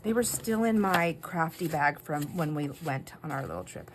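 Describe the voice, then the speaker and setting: A woman's voice: deep voice, lively intonation, normal speed, noisy background. A woman telling a rambling story while she works on a craft project at home. She laughs often and often stops to restart her sentences. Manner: rambling, self-interrupting, giggly. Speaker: junk journal crafter.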